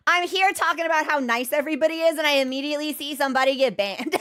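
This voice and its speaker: A woman's voice: high-pitched, expressive, very fast, few pauses, a bit bright. A young woman streamer in casual chat, rambling with many fillers and restarts.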